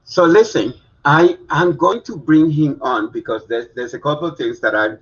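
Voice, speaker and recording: A man's voice: on the high side, normal speed, fairly bright tone. A man co-hosting a live online talk show, casual and playful, often backing his co-host with short agreeing interjections. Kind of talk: casual live-stream chat. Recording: dull lo-fi live-stream audio.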